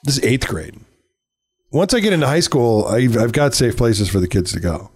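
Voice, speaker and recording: A man's voice: mid-range voice, very animated, normal speed, darkish tone, slightly rough, faint music behind. Candid, profane middle-aged man. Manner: candid, profane, self-mocking, laughs often. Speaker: parent telling a story. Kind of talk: casual conversation, storytelling.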